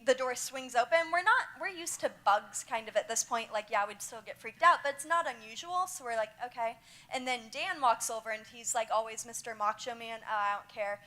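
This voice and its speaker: High, bright young woman telling stories. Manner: lively, animated anecdote telling. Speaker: mission trip member. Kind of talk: storytelling to a youth group. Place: church youth room.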